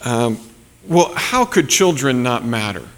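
Slow and sing-song, this man's mid-range voice carries a sermon through the long reverb of a big hall. As a pastor, he keeps it loose and chatty, with plenty of fillers and asides such as "right?".

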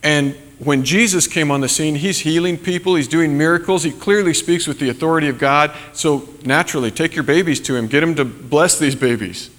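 Pastor, male, slightly high voice, casual sermon with fillers, long hall reverb. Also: fairly quick, hardly any pauses, fairly bright tone. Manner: conversational, many fillers and tag questions.

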